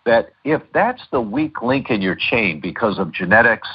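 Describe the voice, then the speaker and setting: A man's voice: mid-range voice, wildly swooping pitch, moderate pace, gravelly, slightly rough, highs cut off. A middle-aged man speaking as a guest doctor in an interview, telling stories with many fillers and restarts. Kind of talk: interview over a call.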